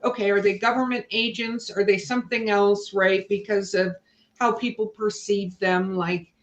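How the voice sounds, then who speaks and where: A woman's voice: mid-range voice, steady tone, normal speed, muffled recording, a little hiss or hum. Woman podcast host in a roomy echo. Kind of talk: casual chat.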